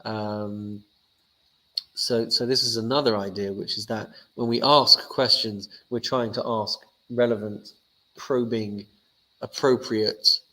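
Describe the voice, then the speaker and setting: A man's voice: lowish voice, steady tone, slow, sharp tone, poor audio. A man, a rabbi giving a casual lesson, telling stories in a chatty, joking way. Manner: chatty, joking, loose storytelling. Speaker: rabbi teaching a class.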